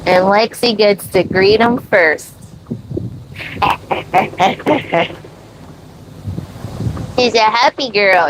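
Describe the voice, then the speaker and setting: Slow-talking American woman on a boat. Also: mid-range voice, a little hiss or hum, rough recording. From USA. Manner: chatty, gushing at her dog in a baby voice. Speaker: vlogger answering live chat. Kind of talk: casual live-stream chat. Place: on a sailboat.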